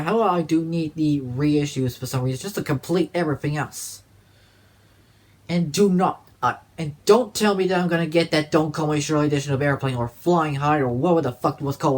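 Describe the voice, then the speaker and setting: A man talking casually to camera about his disc collection in a rambling, profane way. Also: fairly high pitch. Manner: profane, rambling, restarts often. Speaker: DVD collector vlogger.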